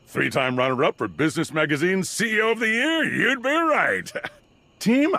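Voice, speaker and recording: A man's voice: on the high side, a bit bright, heavily acted. A man voicing a pompous male CEO who reads out a self-important office memo in a video game. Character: pompous male CEO announcing lost sunglasses.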